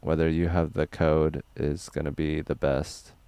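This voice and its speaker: A young man livestreaming, reading chat questions aloud in a loose, rambling, crude and deadpan way. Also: a bass voice, unhurried, clear, resonant tone, no room sound.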